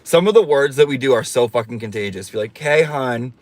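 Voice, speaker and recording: A man's voice: mid-range voice, animated, quick pace, darkish tone, no room sound. A man chatting on a casual livestream in a campy, sassy way, with a mid-range voice. He swears freely and reads viewer comments aloud in a playful drawl. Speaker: livestream host.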